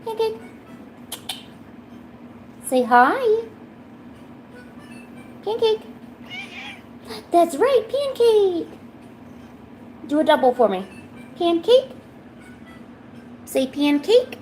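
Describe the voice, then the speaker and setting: A young woman streaming, coaxing and teasing her cat in a playful, high-pitched baby-talk voice. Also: very animated, slow, long pauses, darkish tone, soft background music. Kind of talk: live-stream chat.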